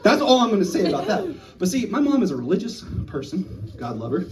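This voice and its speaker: A man in his thirties does stand-up at a small live venue, telling stories fast in a lively voice that sits high for a man and swings widely in pitch as he slips into his characters' voices. The mic catches him from a distance in the small room, with a crowd audible behind him.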